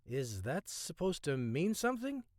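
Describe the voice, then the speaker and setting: A man's voice: fairly high pitch, sing-song, unhurried, darkish tone, no echo, pitched above the performer's own voice. Terse, guarded male spy, dry delivery, read by the narrator.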